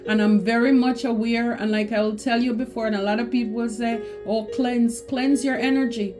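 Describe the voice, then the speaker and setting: A woman's voice: a little high, steady tone, a little fast, music in the background. A woman giving a spiritual tarot reading, talking emphatically and repeating phrases for stress. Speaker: tarot reader.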